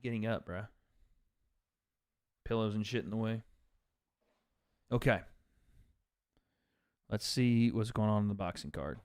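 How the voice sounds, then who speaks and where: A man's voice: lowish voice, a little slow, long pauses, a little mellow, no echo, studio quality. A man from Tennessee hosting a livestream from a couch at home, chatting casually and profanely with his viewers and reading out their donations. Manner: laid-back and profane, reading out chat donations. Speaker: livestream host. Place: on a couch at home, without his usual setup.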